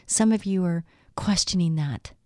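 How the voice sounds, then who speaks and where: Middle-aged woman, devotional show host, earnest, warm tone, dry close sound. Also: fairly low pitch, moderate pace, no echo. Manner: earnest, addresses listeners with direct questions. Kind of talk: devotional talk with scripture reading.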